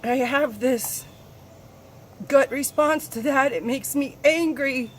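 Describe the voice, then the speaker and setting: A woman talking candidly in a personal spiritual vlog, confessional and swearing freely, her voice swinging between soft and loud. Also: high voice, takes it slowly, a little hiss or hum. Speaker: spiritual vlogger.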